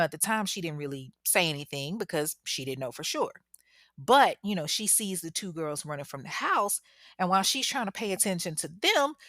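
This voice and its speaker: A woman's voice: on the low side, pushed and bright, dry recording, clean studio sound. A woman telling a true crime story in a chatty, casual way, talking straight to listeners. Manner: chatty, addresses listeners directly.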